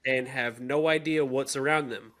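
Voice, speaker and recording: A man reading aloud a grown woman's spooky childhood story, dramatic and swinging in pitch and pace. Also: steady tone, normal speed, a crowd in the background, lightly acted.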